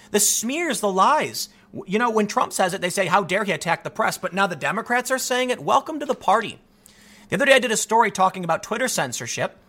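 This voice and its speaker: A man's voice: sits high, sharp tone. A man delivering a solo political commentary monologue, reading quotes aloud and breaking in with sarcastic, emphatic asides.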